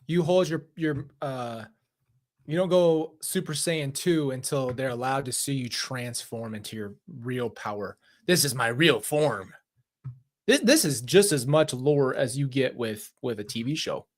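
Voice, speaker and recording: A man's voice: medium pitch, unhurried, a little mellow. A man hosting a true-crime reaction commentary in a casual, mocking and exasperated way, laughing and swearing as he talks.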